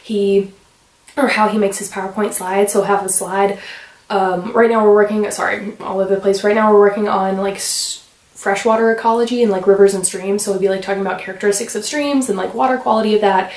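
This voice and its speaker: A young American woman chatting fast in a casual vlog, rambling with lots of fillers. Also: mid-range voice, fairly even intonation, a little mellow, recorded from a distance. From United States. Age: young adult. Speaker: vlogger. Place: room at home. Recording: roomy sound from away from the mic.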